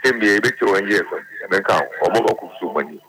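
Ghanaian man calling in, low voice but kinda sharp, halting and mumbly. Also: a little hiss or hum, low-quality recording. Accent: Ghanaian English. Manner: halting, mumbled, searching for words. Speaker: caller.

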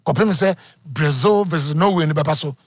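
Ghanaian male sports radio host, upbeat call-in banter, higher voice, dry studio sound. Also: fast talker, dry recording. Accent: Ghanaian English. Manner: energetic, repeats phone number, chatty.

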